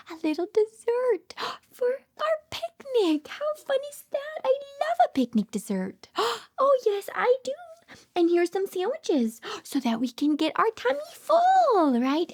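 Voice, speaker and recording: A woman speech therapist reading a picture book aloud to toddlers, sing-song and full of delighted gasps, sometimes dropping to soft whispers. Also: very high-pitched, huge pitch swings, slow.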